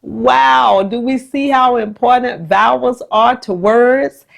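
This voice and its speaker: A woman who is a special education teacher, explaining a phonics technique to the camera in a patient, measured way. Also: gravelly. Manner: slow, warm and patient, with lively jumps in pitch when acting out the classroom.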